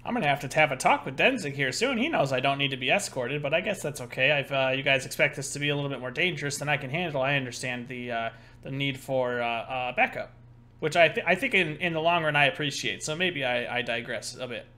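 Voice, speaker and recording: A man's voice: mid-range voice, fast, sharp tone. A man playing a druid in a tabletop game, rambling and joking in character. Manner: rambling and joking, with lots of "uh" and self-corrections. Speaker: player voicing a druid. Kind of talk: casual in-character tabletop play.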